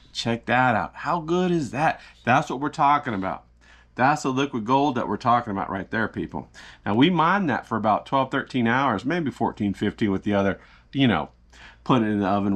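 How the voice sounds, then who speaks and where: A man's voice: medium pitch, a bit bright. A man hosting a casual cooking vlog from his home kitchen, talking in a rowdy, folksy, profane ramble with asides to the viewer and his cameraman. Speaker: home cook host.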